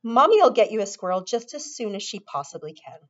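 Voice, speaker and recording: A woman's voice: medium pitch, sing-song, fairly quick, a bit bright. A woman voicing an indulgent rich mother who soothes her spoiled child in a cooing tone. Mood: soothing. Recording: dull lo-fi recording.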